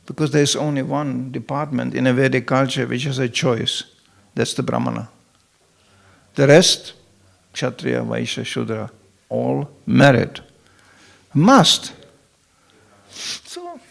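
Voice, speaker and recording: A middle-aged temple president gives a humorous scripture lecture in a temple hall, telling it like an animated storyteller who acts out the voices he quotes. His voice sits in the mid range and carries vocal fry.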